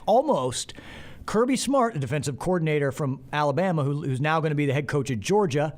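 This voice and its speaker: A man hosting sports talk radio, ranting in a heated, animated way. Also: fairly high pitch, a little fast.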